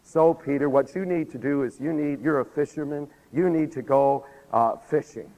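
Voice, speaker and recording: A man's voice: on the high side, moderate pace, mellow. A man preaching a sermon, telling a story animatedly, acting out the quotes and asking the congregation questions, while losing his voice. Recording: long hall reverb.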